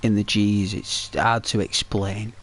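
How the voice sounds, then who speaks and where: A man's voice: on the low side, level tone, takes it slowly. Rambling man chatting while gaming. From Britain. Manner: rambling, chatty, many restarts and fillers. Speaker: gaming streamer. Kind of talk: casual chat to viewers while playing.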